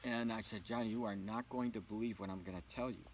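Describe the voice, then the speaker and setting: Animated male storyteller, faint hiss. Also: on the low side, fairly quick, poor audio. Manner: animated storyteller acting out dialogue. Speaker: interview guest. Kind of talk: storytelling in a casual interview.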